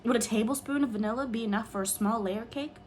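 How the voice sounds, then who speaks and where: A woman's voice: a little high, fast, a little mellow, slight background noise, natural voice. A woman reading an audiobook, voicing a meek, flustered farmer man who is polite and bewildered.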